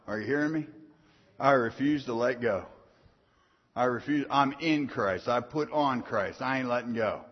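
A middle-aged man preaching a sermon in a folksy storytelling way, swinging from soft asides to loud punchy lines. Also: mid-range voice, moderate pace. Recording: dull sound in a long-reverb hall.

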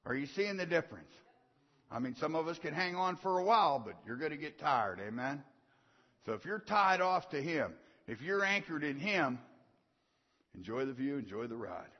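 Male pastor, folksy call-and-response preaching, slightly high voice, dull recording with long hall reverb. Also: sing-song, moderate pace. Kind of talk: sermon.

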